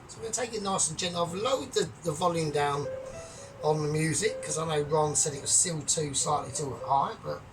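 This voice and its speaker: A man with a put-on Scottish accent hosting a casual home cooking vlog, jokey and boastful with loud bursts. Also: a little high, fairly quick. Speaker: cooking channel host. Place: home kitchen. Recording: distant mic, music behind.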